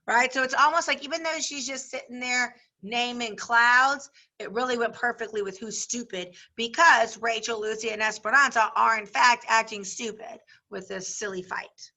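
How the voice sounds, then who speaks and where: A woman teacher reading a novel aloud to her class, giving the characters lively voices, then talking the passage over plainly. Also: a little high, moderate pace.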